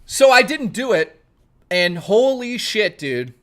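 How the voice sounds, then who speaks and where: A man streaming from home, telling a long anecdote to his chat in a casual, profane, lively way. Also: sits high, slow pace.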